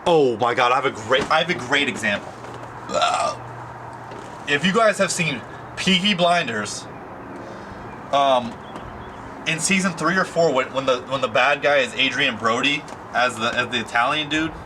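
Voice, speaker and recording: Rambling young man over steady noise. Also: medium pitch, moderate pace, long pauses. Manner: rambling, filler-heavy, slangy. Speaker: vlogger. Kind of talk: casual chat to camera.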